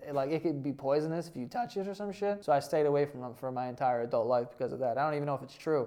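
A man's voice: fairly high pitch, darkish tone. Laughing, profane man reacting to posts. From United States. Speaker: podcast host. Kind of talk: casual comedic commentary.

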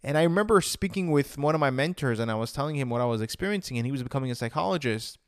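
A man's voice: medium pitch, lively intonation, racing, clear, resonant tone, dry recording, clean studio sound. Earnest man telling a personal story. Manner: earnest, emotional, acts out his past thoughts with "I'm like". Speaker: vlogger sharing his personal story.

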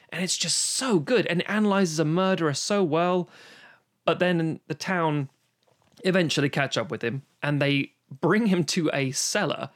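Man, fairly high voice, enthusiastic, swears a lot, rambling casual podcast chat. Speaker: podcast co-host. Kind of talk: casual film discussion. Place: home, recorded remotely during lockdown.

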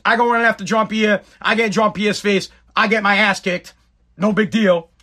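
Profane, rambling middle-aged man, high voice. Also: steady tone, moderate pace, bright, forceful tone. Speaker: storyteller. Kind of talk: casual storytelling monologue.

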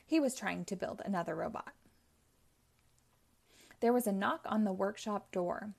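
A woman hosting a read-aloud show, narrating a children's chapter book in a clear, even way. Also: medium pitch, measured pace. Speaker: host.

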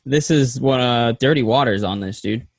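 A man's voice: medium pitch, moderate pace, no room sound, clean studio sound. A man talking enthusiastically about songs in a casual chat. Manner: enthusiastic, laughs at himself.

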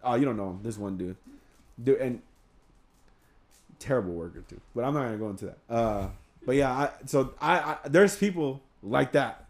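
A man's voice: medium pitch, expressive, moderate pace. Man, casual storyteller, profane, rambling. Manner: rambling, swears freely, acts out quotes. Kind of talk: casual storytelling among friends.

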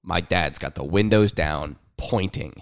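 Deep, gravelly young man telling stories. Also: measured pace, dry recording, studio quality. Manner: rambling storyteller, swears freely, acts out quotes. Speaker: podcast co-host. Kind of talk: casual chat. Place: room at home. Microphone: headset.

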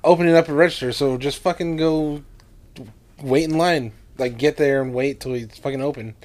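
A man's voice: fairly high pitch, normal speed, darkish tone. A man on a casual podcast, venting about work in a blunt, profane way. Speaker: podcast co-host. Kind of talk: casual chat.

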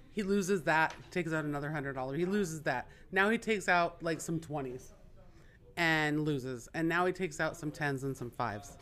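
A woman in her fifties tells a story on a casual podcast, with lively pacing. She jumps into a higher voice whenever she acts out what someone said. She speaks as an instructor who has been in her trade for decades. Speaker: dealing school instructor.

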